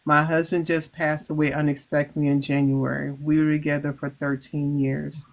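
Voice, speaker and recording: A woman hosting a live chat, gently reading out viewers' comments and welcoming them. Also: sits low, little pitch movement, normal speed, gravelly. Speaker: live-stream host.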